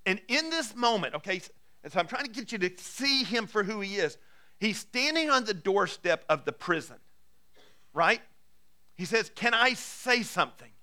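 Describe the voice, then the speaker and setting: Bright, high-pitched preaching man. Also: big pitch swings, normal speed. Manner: dramatic scripture reading, swings between hushed and emphatic. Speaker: pastor. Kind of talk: sermon.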